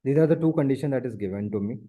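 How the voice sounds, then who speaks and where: A man's voice: mid-range voice, animated, racing, mellow. A man tutoring math one on one, explaining step by step and repeating his points. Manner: explains step by step, repeats points, often says the student's name.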